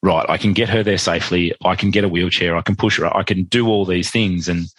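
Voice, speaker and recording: An Australian man, a podcast guest, telling a personal story in a quick, animated way and acting out what others said. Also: deep voice, husky, dry recording, low-quality recording. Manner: animated, quick, acts out quoted dialogue. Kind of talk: conversational storytelling.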